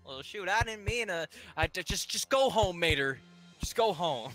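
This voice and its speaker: A man voicing a goofy, folksy male tow truck with a Southern US drawl, higher and louder than his own voice. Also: animated, normal speed, soft background music.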